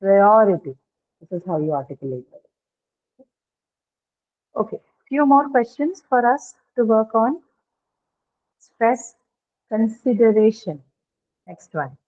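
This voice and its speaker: Slow woman teacher breaking words into syllables. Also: fairly high pitch, very animated. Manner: slow, drawn-out syllable-by-syllable articulation. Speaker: English teacher. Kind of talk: pronunciation lesson. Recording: tinny phone-like audio.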